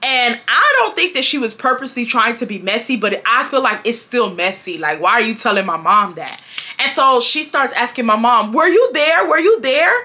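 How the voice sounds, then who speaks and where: Young woman from Houston, bright tense voice, slangy animated storytelling, highish pitch. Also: moderate pace. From Houston, Texas. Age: 20s. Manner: animated, slangy, acts out quotes with big pitch jumps. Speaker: storytime vlogger. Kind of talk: casual storytelling to viewers.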